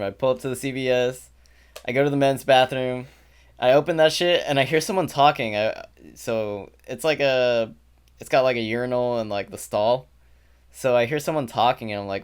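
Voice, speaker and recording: A young man co-hosting a podcast, telling an animated, profane story full of fillers in casual chat. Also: mid-range voice, normal speed, clear, resonant tone. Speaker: podcast co-host.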